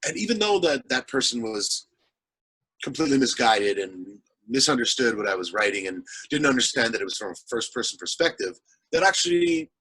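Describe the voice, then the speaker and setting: A man's voice: mid-range voice, very animated, fairly quick, bright, forceful tone, slightly rough, rough recording. A man, an actor and comedian, rambling animatedly in a casual interview chat and acting out the people he quotes.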